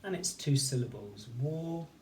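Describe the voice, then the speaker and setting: A man teaching a recorded phonics lesson, sounding out words slowly and clearly, one sound at a time. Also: medium pitch, darkish tone, slight background noise. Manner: slow, clear, patient instruction with sound-by-sound segmenting. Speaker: primary school teacher.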